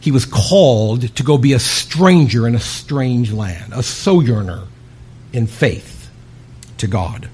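A man preaching a sermon, emphatic, with long dramatic pauses and sudden hushed drops. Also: mid-range voice, lively intonation, husky.

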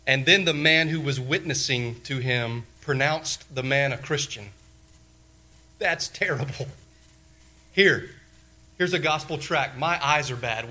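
A male pastor preaching a sermon, repeating key phrases emphatically and swinging between loud declarations and hushed lines. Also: medium pitch.

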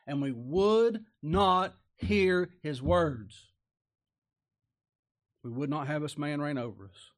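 A man preaching with a drawl, his voice sitting a little high for a man. He talks in a folksy, plain-spoken way and keeps checking in with his listeners through tag questions. He swings from loud, emphatic lines to quiet, slowed-down asides. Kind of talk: sermon.

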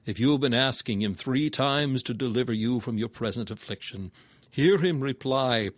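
A man delivers an old-fashioned sermon in a solemn, measured voice at a middling pitch. He lifts his tone for emphatic appeals, and the sound is close and dry with no room around it. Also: animated, no echo. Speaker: preacher. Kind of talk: reading a sermon aloud in old-fashioned scriptural language.

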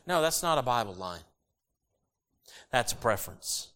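A middle-aged man preaching a sermon, animated and jokey with sudden loud bursts. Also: medium pitch, moderate pace, smooth. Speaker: pastor.

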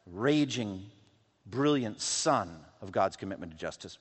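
A man preaching a sermon, swinging from loud, intense passages to hushed, quiet lows. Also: lively intonation, moderate pace, breathy edge. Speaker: pastor. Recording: long hall reverb.

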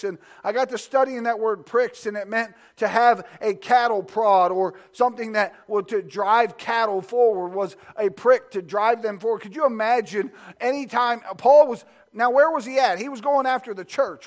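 A man preaching a fervent sermon, asking the congregation questions and building his points through repeated phrases. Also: very high-pitched. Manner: asks the congregation rhetorical questions.

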